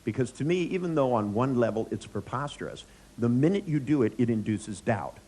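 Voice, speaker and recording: A man's voice: mid-range voice, lively intonation, a little fast, mellow. A middle-aged man, a therapist, giving a live seminar lecture, joking, telling anecdotes and quizzing the audience. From United States.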